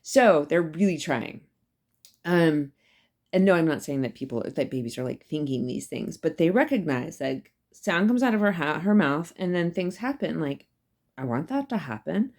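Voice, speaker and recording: Female professor with a low voice, conversational lecture, emphatic with lots of fillers. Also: lively intonation, moderate pace, a little mellow. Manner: chatty and emphatic, many fillers and asides. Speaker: psychology professor. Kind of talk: casual recorded lecture.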